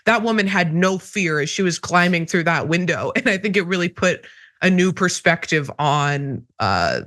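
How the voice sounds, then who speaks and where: A woman's voice: fairly low pitch, lively intonation, normal speed, fairly bright tone. A woman giving political commentary on a news show, sarcastic and emphatic, laughing between points. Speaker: co-host commentator.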